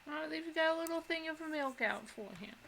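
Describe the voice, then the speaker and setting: A woman's voice: high-pitched, animated, moderate pace, vocal fry, fairly bright tone, slight background noise. A woman co-hosting a casual gaming stream, trading dry, teasing banter. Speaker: co-host. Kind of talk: casual chat while gaming.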